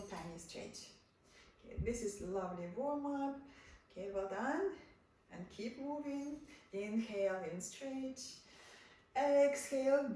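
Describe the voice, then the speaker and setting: A woman leading a yoga class, giving gentle instructions and repeating soft cues. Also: medium pitch, a little hiss or hum. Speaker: yoga teacher. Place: home room. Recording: echoey room, far from the mic, faint background.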